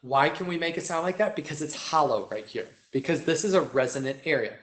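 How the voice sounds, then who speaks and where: A man's voice: a little high, fairly quick. A young man teaching vocal technique to a choir, explaining step by step and often checking in with "right?". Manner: sings vocal demonstrations. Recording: roomy echo.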